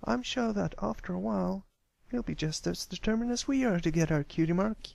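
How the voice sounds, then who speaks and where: A man's voice: sits high, lively intonation, a little fast, gravelly, darkish tone, no room sound, pitched above the performer's own voice, heavily acted. A man voicing an earnest young farm filly who speaks adamantly and encouragingly, in a homemade fanfiction audiobook.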